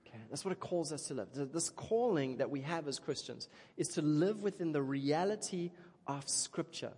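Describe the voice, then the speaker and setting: A man preaching a sermon in an animated, chatty way, often checking in with the crowd. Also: a little high, moderate pace, slightly rough. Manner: animated, chatty, keeps asking "okay?". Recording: long reverb of a large hall.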